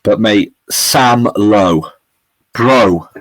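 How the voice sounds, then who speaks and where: Low-voiced young man, dry sound. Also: very slow, dry recording, poor audio. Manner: excitable, swears a lot, says "mate" constantly. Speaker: podcast co-host. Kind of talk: casual chat.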